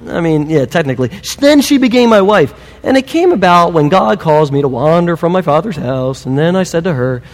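A man's voice: on the high side, expressive, a little fast, hardly any pauses, long reverb tail. A man voicing a defensive old patriarch who sheepishly makes excuses for himself. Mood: whiny excuses.

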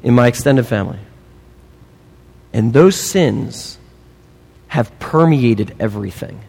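Animated preacher man in a reverberant hall. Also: medium pitch, slow pace, vocal fry, slightly rough. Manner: animated, emphatic, with humorous asides. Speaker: pastor. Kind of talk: sermon.

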